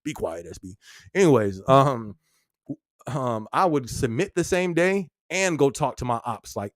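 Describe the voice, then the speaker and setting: A man's voice: mid-range voice, lively intonation, normal speed, dry recording, clean studio sound. A young man hosting a live podcast, chatting casually in slangy, loose talk and laughing often. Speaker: podcast host. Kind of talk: casual live-stream chat.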